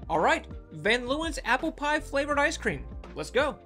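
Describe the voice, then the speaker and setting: Bright, upbeat food vlogger. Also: high voice, big pitch swings, moderate pace, faint music behind. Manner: upbeat and enthusiastic, talks straight to viewers. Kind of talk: casual taste-test review.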